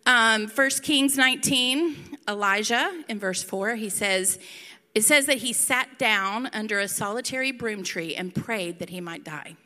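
A woman's voice: on the high side, animated, a little slow, pushed and bright. A middle-aged woman giving a casual, chatty sermon with playful asides. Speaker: pastor. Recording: reverberant hall.

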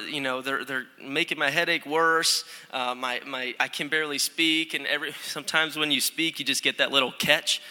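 A man's voice: on the high side, bright, forceful tone. A young man, a student pastor, preaching a casual, self-deprecating sermon in a church while stuffed up with allergies. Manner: chatty, self-deprecating, lots of restarts. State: congested, stopped-up nose. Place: church sanctuary. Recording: long hall reverb.

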